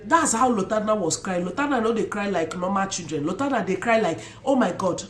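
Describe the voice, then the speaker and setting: Animated Nigerian woman in an echoey room. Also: mid-range voice, fairly quick, background noise. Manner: animated, mixes Pidgin asides, imitates loud shouts. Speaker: vlogger. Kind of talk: casual storytelling to camera.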